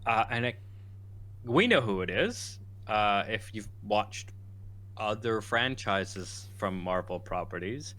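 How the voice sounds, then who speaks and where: Man, podcast co-host, bright voice, rambling, animated quoting. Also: on the low side, slow pace. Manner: rambling, animated, quotes characters in lively bursts. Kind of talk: casual chat.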